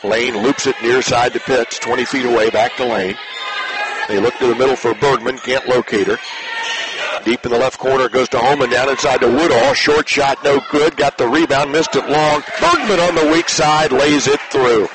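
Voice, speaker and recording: A man announcing a high school basketball game play by play, in brisk clipped calls that rise when a shot scores. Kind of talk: basketball radio commentary. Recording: noisy online radio broadcast.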